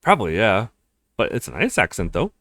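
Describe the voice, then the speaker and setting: A friendly young woman law student from a visual novel who asks lots of curious, polite questions, as a man voices her. Her lines swing widely in pitch and are recorded dry and close. She sounds chatty and easygoing. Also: huge pitch swings, fairly quick, a bit bright, no echo, heavily acted.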